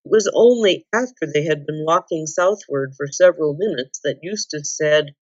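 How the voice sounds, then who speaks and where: A woman reading a children's novel aloud in a calm, measured way. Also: sits low, dry recording, highs cut off. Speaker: volunteer reader. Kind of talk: storybook read-aloud.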